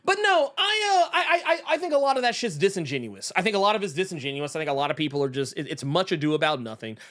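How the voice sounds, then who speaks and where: A young man hosts a casual pop-culture podcast, and his voice swings widely in pitch as he gets worked up. He talks in slang, stumbles, restarts, and trails off. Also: big pitch swings, quick pace, fairly bright tone. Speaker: podcast host.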